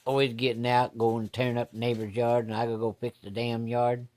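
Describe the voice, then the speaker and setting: Gruff, foul-mouthed old rural man, put on by a male storyteller; coarse drawl, mid pitch. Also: level tone, brisk, darkish tone, lightly acted. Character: gruff old country man, blunt and crude.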